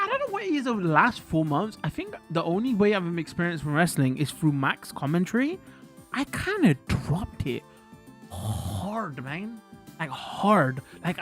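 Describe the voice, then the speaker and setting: A man chatting casually on a live stream, telling rambling stories full of slang and laughter. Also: a little high.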